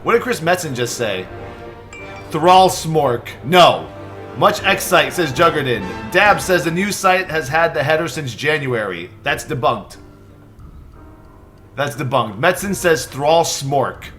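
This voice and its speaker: A young man hosting a live stream, stressed and excitable, swearing and thanking subscribers in quick bursts. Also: a little high, faint music behind. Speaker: livestream host. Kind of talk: live reaction stream chatter.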